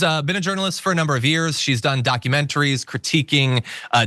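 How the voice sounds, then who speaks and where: A man hosting a political commentary show, mocking his targets with sarcasm. His voice is bright and slightly high, and it swoops a lot in pitch. The sound is dry and close. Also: no room sound. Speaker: host.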